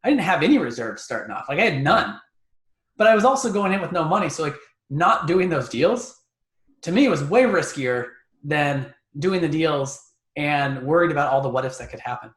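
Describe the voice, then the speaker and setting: A man's voice: a little high, very animated, normal speed, a bit bright, reverberant. A man guest on a podcast interview, talking through ideas conversationally and often repeating words as he thinks. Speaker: guest, real estate investor.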